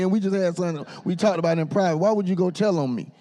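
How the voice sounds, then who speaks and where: A man's voice: high voice, racing, few pauses, dark tone. A man emceeing an awards event, joking and teasing the crowd. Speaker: master of ceremonies. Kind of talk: comedic emcee roast.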